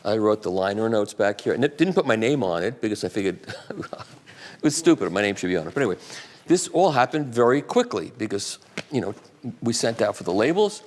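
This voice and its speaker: A very animated man in his sixties speaks a little fast in a lowish voice as an invited speaker at a radio museum event. He rambles through anecdotes in a casual, self-deprecating way and takes audience questions.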